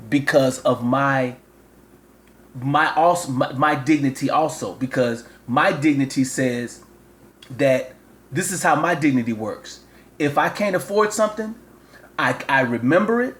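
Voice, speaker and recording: Rambling, lecturing dad. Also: male voice, on the high side. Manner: rambling, repeats himself, lecturing. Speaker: father and show host. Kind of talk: comic rambling phone call.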